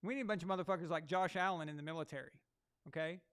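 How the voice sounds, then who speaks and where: A man's voice: a little high, racing, a bit bright. A man hosting a live sports stream, ranting crudely and mockingly while he watches a game. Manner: mocking, sarcastic asides. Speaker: sports livestream host.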